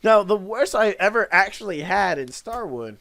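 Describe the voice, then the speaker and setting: A man's voice: sits high, moderate pace, slight background noise. A man hosting a casual talk show, telling customer service stories and acting out angry callers. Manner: animated storyteller, acts out angry callers loudly.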